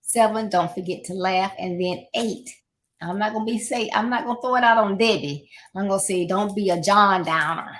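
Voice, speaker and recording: A woman's voice: medium pitch, moderate pace, a bit bright. A middle-aged woman hosting a podcast, giving casual motivational advice and repeating her points with encouraging asides. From Florida, United States.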